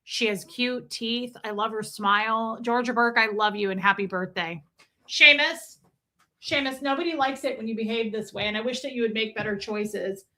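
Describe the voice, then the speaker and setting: A woman live streamer telling a story in a casual, animated way and breaking off to greet her chat viewers. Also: fairly high pitch, normal speed.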